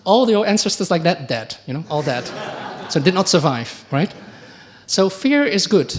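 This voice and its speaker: A middle-aged man, a monk giving a conversational dharma talk, often asking the audience questions and acting out quoted exchanges. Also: unhurried. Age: middle-aged or older. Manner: acts out quoted exchanges with lively pitch jumps. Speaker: Buddhist monk teacher.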